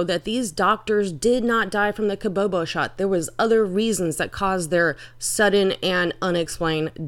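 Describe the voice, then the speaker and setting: A woman giving vlog commentary in an emphatic, indignant, profane manner. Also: medium pitch.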